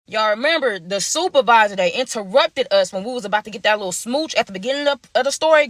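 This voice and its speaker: A woman's voice: mid-range voice, fairly bright tone, no echo. A young woman casually telling a story to her viewers in a chatty, slangy way, speaking to them directly.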